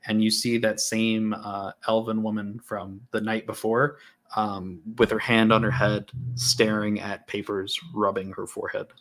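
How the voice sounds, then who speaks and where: Low-voiced man running a tabletop game. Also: level tone, a little slow, fairly bright tone. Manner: casual, many fillers and restarts. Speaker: game master.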